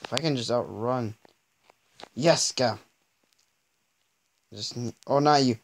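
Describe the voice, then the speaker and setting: A man giving let's-play commentary, exasperated and stammering, often pleading out loud with the game. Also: medium pitch, slow, pauses often. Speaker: gaming video creator.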